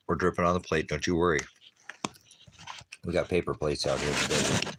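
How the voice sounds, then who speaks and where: A man's voice: a bass voice, fairly even intonation, normal speed, pauses often, fairly bright tone, slight background noise. A man chatting casually in the desert for an outdoor cooking vlog, talking with his mouth full between bites. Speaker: vlogger.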